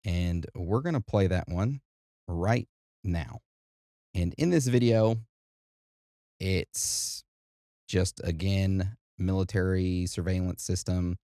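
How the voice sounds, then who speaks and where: A man with a very low, dark voice co-hosts a podcast in casual chat. He sounds laid-back and conversational as he walks through each segment. The sound is dry and close. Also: slow pace, long pauses, dry recording. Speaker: podcast co-host.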